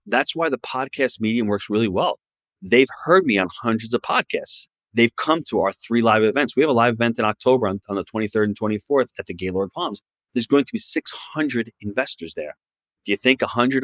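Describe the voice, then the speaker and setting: Give me a low-voiced man in a dry studio sound, confidently pitching his investing approach as a podcast guest. He speaks with emphatic, salesy conviction. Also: a bit bright, dry recording. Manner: emphatic, promotional advice-giving. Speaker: real estate investor guest. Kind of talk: podcast interview.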